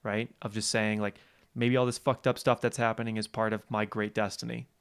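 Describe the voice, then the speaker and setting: A man with a low, smooth, resonant voice hosts a podcast over a video call. He talks casually and effusively, full of enthusiasm, and lets a swear word slip now and then. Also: level tone, brisk. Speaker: podcast host. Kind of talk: casual interview chat.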